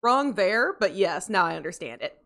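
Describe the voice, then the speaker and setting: A woman's voice: mid-range voice, big pitch swings, normal speed, vocal fry, a bit bright. A woman streaming a game, chatting casually with her viewers, rambling and interrupting herself, sleepy and yawning. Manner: rambling, self-interrupting, chatty with chat readers, laughs often. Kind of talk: casual livestream chat.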